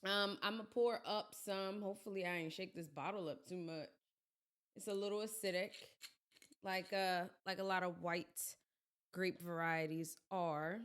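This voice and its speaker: A woman hosting a podcast in casual chat, her voice crackly and hoarse as she gets over being sick, talking in chatty, self-deprecating asides. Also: lowish voice, fairly even intonation, moderate pace. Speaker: podcast host.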